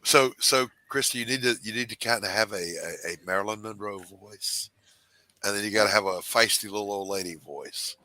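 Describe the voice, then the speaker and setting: Man, Southern American accent, show host, forceful bright voice, joking banter. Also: on the low side, moderate pace, no echo, poor audio. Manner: joking, wry, animated banter. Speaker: podcast host. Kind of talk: casual chat.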